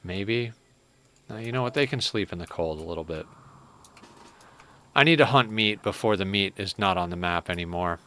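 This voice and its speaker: A man's voice: sits low, moderate pace, long pauses. A man streaming a strategy game live, chatting casually and breaking off to coo at his cat. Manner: chatty, talks to his cat in soft baby talk. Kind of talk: live gameplay commentary.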